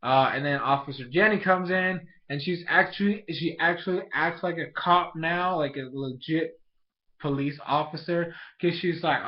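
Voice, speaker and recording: A man's voice: on the high side, normal speed. Rambling young-sounding man, lo-fi recording. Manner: rambling, many restarts and fillers; excitable. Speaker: anime episode reviewer. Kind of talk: casual spoken review.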